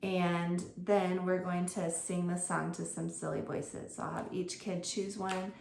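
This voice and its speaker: A woman's voice: on the low side, little pitch movement, unhurried, creaky, a little mellow, a little hiss or hum. Chatty woman tutor, roomy sound. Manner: chatty, informal, with fillers and self-corrections. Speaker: homeschool co-op tutor. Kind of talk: explaining lesson plans to other teachers. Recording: roomy echo with faint ambience.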